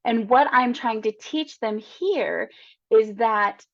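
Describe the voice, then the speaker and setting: A woman's voice: a little high, slow pace. A woman in her thirties presenting a reading-instruction webinar in a chatty, encouraging way. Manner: chatty and encouraging, tags statements with "right?". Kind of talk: casual webinar teaching. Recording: slightly dull lo-fi webinar audio.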